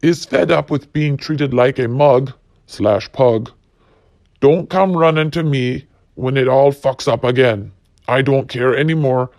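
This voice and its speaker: A man's voice: medium pitch, measured pace, darkish tone, no echo. A man hosting a solo podcast, ranting bluntly and profanely while reading quotes. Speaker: podcast host.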